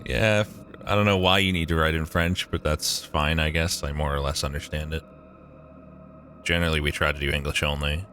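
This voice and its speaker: A man's voice: a bass voice, steady tone, brisk, pushed and bright, faint music behind. A young man streaming a game live, chatting with his viewers, swearing often and joking sarcastically.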